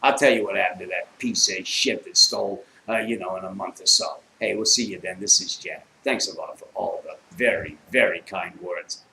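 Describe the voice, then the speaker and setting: A man's voice: deep voice, normal speed, vocal fry, hardly any pauses, pushed and bright, slight background noise. Profane older man telling a story. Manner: profane, rambling, gleeful. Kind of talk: casual anecdote telling. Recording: echoey room.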